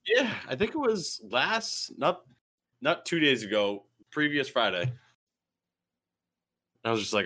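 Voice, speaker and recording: Teasing young man streamer, bright voice. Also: on the high side, normal speed, pauses often. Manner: joking, deadpan teasing. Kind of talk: casual chat.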